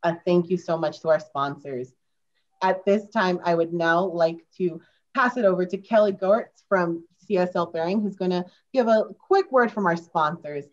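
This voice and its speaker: A woman's voice: fairly low pitch, normal speed. A woman moderating an online forum, politely reading announcements and sponsor lists. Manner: polite, reads lists steadily. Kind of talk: scripted announcements. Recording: dull lo-fi video call audio.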